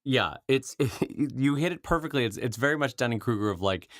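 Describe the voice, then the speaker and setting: A man co-hosting a podcast in casual chat, telling stories with lively acted-out quotes. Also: mid-range voice, fairly quick, no room sound, clean studio sound. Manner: animated storyteller who acts out quoted voices. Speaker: podcast co-host.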